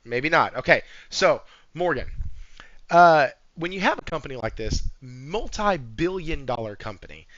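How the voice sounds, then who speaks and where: A man hosting a podcast in casual chat, animated and joking, swearing freely. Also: on the high side, unhurried, no echo. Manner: animated, swears, jokes and sings bits. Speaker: podcast host. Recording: dull lo-fi sound.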